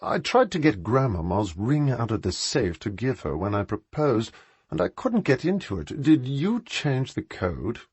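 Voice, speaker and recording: A man's voice: mid-range voice, very animated, measured pace, a little mellow, husky, no echo, pitched above the performer's own voice, exaggerated voice. A man doing a playful, unruffled aristocrat. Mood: earnest. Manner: earnest, teasing, unruffled. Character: playful aristocratic man, cheerfully undaunted suitor.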